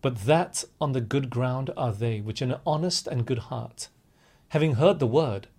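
A man's voice: mid-range voice, moderate pace, a little mellow, husky. A man preaching a sermon with impassioned, rising and falling emphasis, addressing his listeners as friends.

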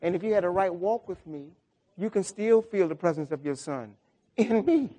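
A man's voice: high voice, expressive, normal speed, dark tone. A middle-aged man preaching a sermon with emotion, repeating himself and building into exclamations. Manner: emotional, repetitive, rising into exclamations. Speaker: pastor.

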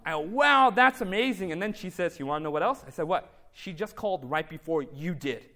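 High-voiced man telling a faith testimony. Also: lively intonation, fairly quick, bright, forceful tone. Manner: storytelling with reported dialogue, calls to the congregation. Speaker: speaker giving a faith testimony. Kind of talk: testimony sermon.

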